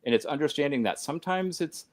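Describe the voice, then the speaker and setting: A man's voice: on the high side, expressive, fast talker. A man speaking as a podcast guest, earnest and emphatic, talking in long run-on sentences with restarts. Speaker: podcast guest, host of his own show. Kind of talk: conversational podcast talk.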